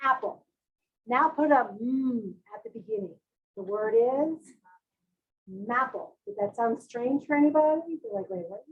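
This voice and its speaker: A woman's voice: high-pitched, a little slow, phone-quality sound. A woman presenting a parent workshop on early reading, leading the audience through call-and-response sound drills.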